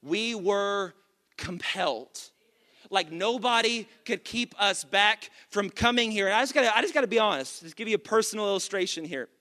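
A pastor from the Dallas area preaching an impassioned sermon into a microphone, building to shouts. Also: male voice, high-pitched, fairly quick, few pauses. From Dallas area, Texas.

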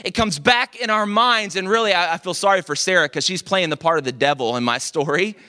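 Man, pastor, sermon storytelling, animated, dramatic pauses, high-pitched.

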